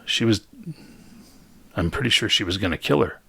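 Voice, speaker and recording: A man with a gravelly voice voicing a defensive young man in a tabletop game, placating and a little higher than his own talk. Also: expressive, moderate pace, pushed and bright, no room sound, exaggerated voice. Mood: sheepish.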